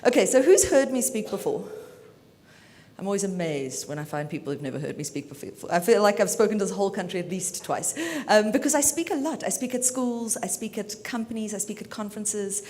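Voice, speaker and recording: A woman from South Africa giving a brisk, chatty and self-assured talk as a media lawyer at a conference. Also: lively intonation, warm tone. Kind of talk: keynote talk. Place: conference hall. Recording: reverberant hall, faint rumble.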